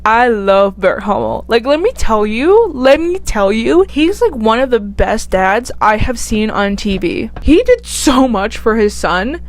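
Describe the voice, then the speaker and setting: A young woman chats casually on her own channel, gushing and rambling with plenty of "like". Her voice sits a little high. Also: very animated, measured pace, hardly any pauses. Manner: chatty, gushing, lots of "like". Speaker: YouTuber. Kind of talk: casual chat ranking TV characters.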